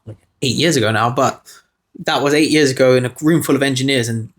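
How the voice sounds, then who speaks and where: A man co-hosting a podcast, telling a story in animated casual chat and acting out the people he quotes. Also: medium pitch, brisk. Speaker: podcast co-host.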